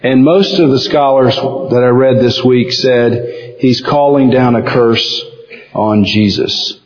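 A man's voice: medium pitch, slow, a little mellow. A man with a Southern US accent preaching a sermon, telling folksy stories and acting out the quotes he reads. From American South. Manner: folksy storytelling with acted-out quotes. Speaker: pastor. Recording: dull lo-fi recording in a reverberant hall.

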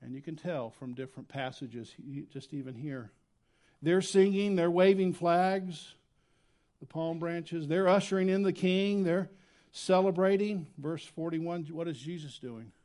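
Male pastor, sermon, slightly high voice, animated delivery with loud and hushed swings, church setting. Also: a little slow. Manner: animated, swings between loud emphatic and quiet low delivery. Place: church sanctuary.

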